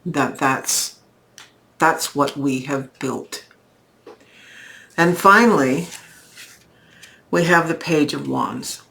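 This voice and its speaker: A woman giving a weekly tarot card reading in a slow, reflective, spiritual manner. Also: sits low, a bit bright. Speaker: tarot reader.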